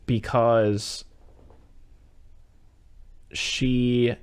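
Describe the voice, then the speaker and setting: A man's voice: mid-range voice, little pitch movement, drawn-out words, clear, resonant tone. A man hosting a casual podcast, retelling a film's plot in a rambling, filler-heavy way with casual swearing. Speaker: podcast host. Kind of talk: casual movie-recap chat.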